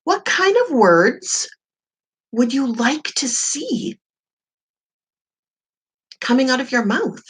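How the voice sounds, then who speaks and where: A woman's voice: high voice, sing-song, takes it slowly, pauses often, a bit bright, slightly rough. A woman life coach giving an emphatic, encouraging motivational talk to camera, full of rhetorical questions.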